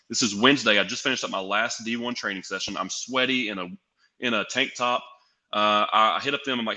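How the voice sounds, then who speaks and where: A young man from Tennessee, a guest on a podcast, telling a story and acting out the dialogue in it. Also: on the low side. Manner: animated, acts out quoted dialogue. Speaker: guest, pro wrestler and sales executive.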